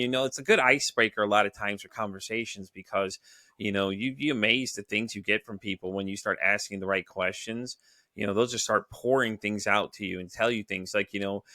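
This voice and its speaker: A man hosting a podcast interview, telling stories in a casual, animated way and acting out the people he quotes. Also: fairly low pitch, dry recording, clean studio sound. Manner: animated storyteller, acts out quoted dialogue. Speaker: podcast host.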